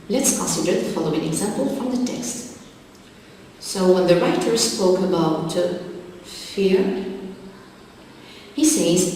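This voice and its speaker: A woman teacher works through vocabulary at an unhurried, methodical pace. Her voice sits a little low and rings with a long echo, as if recorded from a distance in a large room. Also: dark tone, a little hiss or hum. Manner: slow, methodical, dictating word lists. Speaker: English teacher. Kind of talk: exam-prep lesson. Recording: echoey hall, distant mic.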